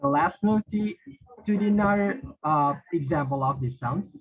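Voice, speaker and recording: A man teaching English pronunciation, reading word lists one by one and explaining with halting, repeated phrases and fillers. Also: sits high, animated, creaky. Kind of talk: slow word-list drill and explanation. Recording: dull lo-fi voice recording.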